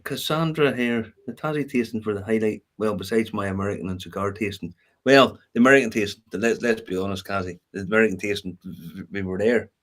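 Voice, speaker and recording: Laughing man with a low voice. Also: brisk, a bit bright. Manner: laughing storyteller, swears freely. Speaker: podcast co-host. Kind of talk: casual chat.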